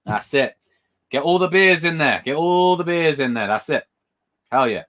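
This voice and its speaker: A young man chats on a livestream, his pitch swinging up and down as he gets carried away. He rambles and circles back, repeating phrases while he thinks out loud. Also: normal speed. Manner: excitable, rambling, repeats himself. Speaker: livestream host. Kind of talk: casual live-stream chat.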